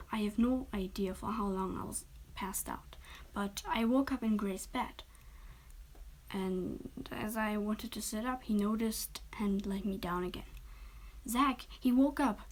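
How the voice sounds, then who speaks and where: Woman storyteller, gentle half-whisper, mid pitch, small restarts. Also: low-quality recording. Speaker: storyteller reading her own story. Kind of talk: soft-spoken story reading.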